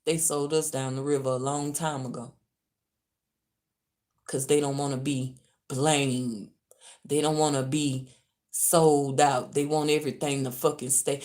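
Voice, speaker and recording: A woman from Louisiana with a Louisiana accent, venting on a livestream from a hotel room, profane and swinging between muttering and loud outbursts. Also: sits low. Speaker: livestreamer and spiritual reader. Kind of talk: ranting livestream.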